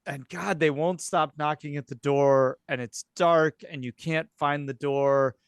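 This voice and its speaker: Game master, male, smooth voice, halting narration, dry mic. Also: a little high, steady tone, dry recording. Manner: hesitant, many fillers and restarts.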